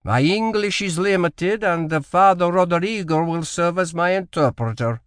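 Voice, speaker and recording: A man's voice: high voice, moderate pace, a bit bright, smooth, no echo, clean studio sound, pitched above the performer's own voice. A man voicing a formal, unyielding Portuguese colonial governor, speaking with a strong Portuguese accent in an audiobook. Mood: formal greeting. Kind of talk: audiobook character voice.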